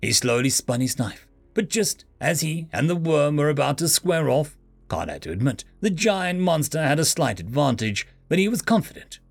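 A man narrating a fantasy story in an expressive storytelling manner. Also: fairly high pitch, moderate pace. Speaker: audiobook narrator. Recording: faint background music. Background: faint music.

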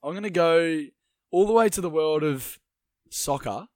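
A man's voice: a little high, moderate pace, no room sound, clean studio sound. A young man co-hosting a casual sports chat, rambling with many restarts and laughs. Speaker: co-host.

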